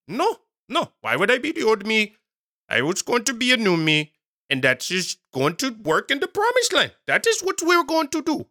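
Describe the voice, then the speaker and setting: A man putting on a squeaky made-up accent. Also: sharp tone, full character voice.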